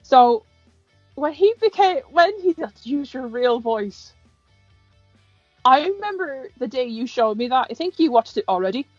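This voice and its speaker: An Irish woman chatting casually with a friend, talking quickly in bursts with many restarts. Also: sits high, big pitch swings, no echo, dull audio, soft background music. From Ireland. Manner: chatty, frequent restarts and swearing. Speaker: podcast co-host. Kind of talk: casual chat.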